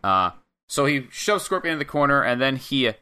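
A young man with a bright, forward voice walks through a wrestling match move by move in casual podcast chat. He rambles a little and slips into quick acted-out quotes, at an ordinary middle pitch. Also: sing-song, smooth.

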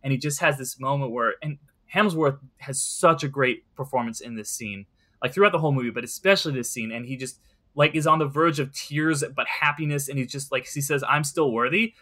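A man's voice: mid-range voice, brisk, sharp tone. A young man in casual conversation about movies, rambling and earnest, with many fillers.

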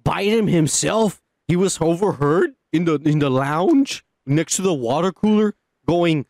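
A man's voice: a little high, a little slow, no room sound, studio quality. A man co-hosting a podcast, telling rambling, profane stories in casual banter. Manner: profane, rambling, animated storytelling. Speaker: podcast co-host.

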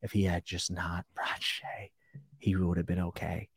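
A man co-hosting a casual book discussion podcast, giving blunt, animated opinions. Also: deep voice, a little slow, breathy edge, no echo, studio quality. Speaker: podcast co-host.

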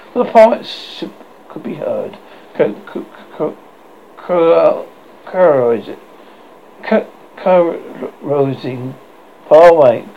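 A man reading a children's storybook aloud, with a gravelly, slightly high voice and a lively, rising and falling delivery. He often stumbles and goes back over words. The recording is dull and lo-fi, with a faint hiss of background noise. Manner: halting, self-correcting reading. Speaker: audiobook reader.

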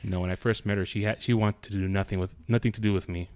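A man's voice: on the low side, fairly even intonation, fast, noisy background. A middle-aged man hosting a podcast, chatting casually and teasing his co-host. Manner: joking, teasing. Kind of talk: casual chat.

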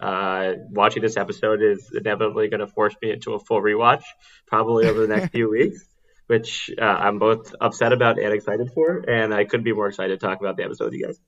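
A man's voice: fairly low pitch, level tone, quick pace, a bit bright, lo-fi sound. A man who is a guest on a casual podcast, talking in an earnest, rambling way.

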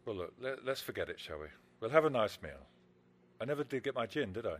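Talking fast with big swings in pitch, a mid-range male voice plays the woman's easygoing partner in a radio drama. He's breezy and full of jokes, and he puts on a mock Italian accent.

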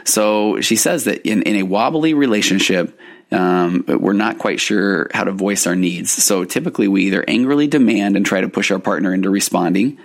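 A man's voice: fairly low pitch, creaky. A man, a couples therapist and podcast host, explaining things earnestly and acting out what partners might say to each other. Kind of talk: casual podcast talk.

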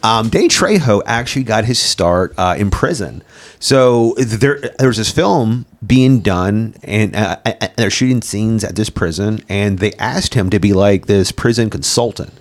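A man's voice: on the low side, lively intonation, a little slow. A man in a casual podcast chat about movies, rambling through stories with lots of fillers, frequent swearing and laughter. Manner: laughs often while retelling scenes.

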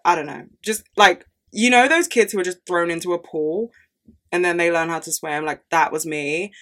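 Lower-voiced young woman ranting. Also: normal speed, a bit bright. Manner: chatty, swears a lot, rants with dramatic outbursts. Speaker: podcast host. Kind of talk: casual solo podcast chat.

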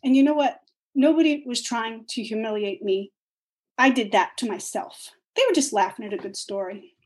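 A woman telling a funny personal story with a wry, lively manner. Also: on the high side, normal speed, low-quality recording. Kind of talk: personal story told on stage.

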